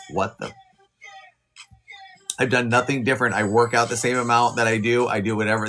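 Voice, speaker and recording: A man's voice: mid-range voice, fairly bright tone. Chatty man rambling on a live stream. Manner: chatty, rambling, quick asides to viewers. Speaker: livestream host. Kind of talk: casual live chat.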